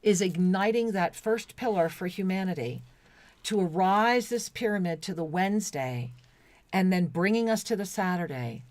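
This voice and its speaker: A woman's voice: mid-range voice, lively intonation, moderate pace, a little mellow, no echo. A woman co-hosting a spiritual talk radio show, reading listener messages in an effusive, devotional way and often restarting her sentences. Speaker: co-host.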